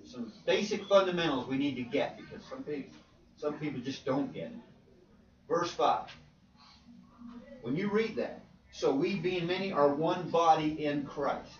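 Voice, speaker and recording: Guy teaching a bible class in a church room, slightly high voice, echoey and far off the mic. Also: unhurried, long pauses. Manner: asks the room questions, emphatic repeats. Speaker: preacher leading a Bible class. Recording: roomy, distant, dull sound.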